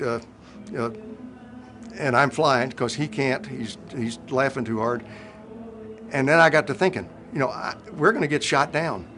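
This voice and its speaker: A man's voice: medium pitch, fairly bright tone. An older man, a retired Marine helicopter pilot, telling a war anecdote in a wry, self-mocking way with plenty of fillers.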